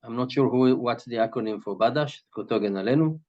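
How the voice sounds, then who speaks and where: A man's voice: medium pitch, racing. A man teaching from a Hasidic text. He explains Hebrew terms in English and keeps asking "right?" as he goes. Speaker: Torah teacher. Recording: dull lo-fi recording.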